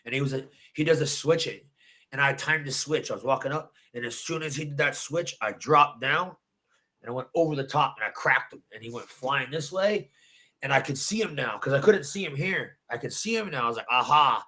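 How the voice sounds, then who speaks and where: A man's voice: mid-range voice, fairly quick, pushed and bright. A man, a bare-knuckle fighter, recounting his win in a post-fight interview with intense, emphatic storytelling and repeated phrases. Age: adult.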